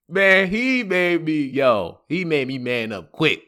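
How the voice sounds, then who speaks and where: Animated slangy man telling a story. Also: mid-range voice, a little slow, few pauses. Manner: animated, slangy, laughing asides. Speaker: podcast host. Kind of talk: comedic storytelling.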